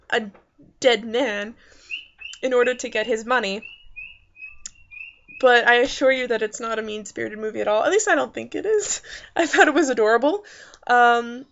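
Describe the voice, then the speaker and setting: Chatty woman with a gravelly edge. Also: a little high, fairly bright tone, dull audio. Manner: rambling, many fillers and restarts. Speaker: movie reviewer. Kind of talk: casual spoken movie review. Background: faint background noises.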